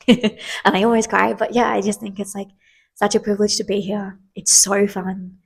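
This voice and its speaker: A woman in her twenties hosts a casual solo podcast, chatting candidly with lots of fillers and easygoing swearing. Her medium-pitched voice is gravelly and husky, fairly flat in pitch, at a normal speed.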